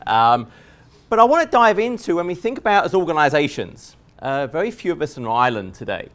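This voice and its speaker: An Englishman with an English accent giving a technical conference presentation to a live audience, joking and relaxed, with many fillers and restarts. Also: a little high, fairly quick. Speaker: conference speaker.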